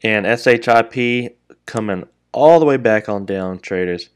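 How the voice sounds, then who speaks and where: A man hosting live day trading commentary, talking quickly to his viewers as traders and guys, and openly scolding himself when a trade goes wrong. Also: fairly low pitch, smooth. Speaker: day trader and channel host.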